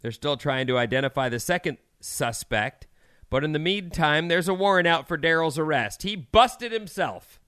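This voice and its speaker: Man, radio co-host, bright tone, slightly high voice, dry close mic, wry asides. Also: moderate pace, clean tone, no room sound. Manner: reads odd news stories with wry asides. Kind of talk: morning radio news banter.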